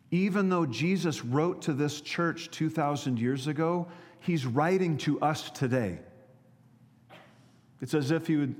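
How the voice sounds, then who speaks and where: A man preaching a sermon in an earnest way, often stumbling over and repeating his words. His voice sits a little high. It rings out with the long reverb of a church hall. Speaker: pastor.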